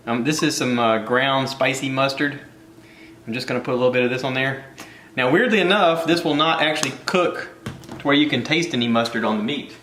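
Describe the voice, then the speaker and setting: A man's voice: mid-range voice, a bit bright, reverberant, a little hiss or hum. A man hosting a casual cooking video from his home kitchen, rambling and joking at his own expense. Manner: rambling, jokey, self-deprecating.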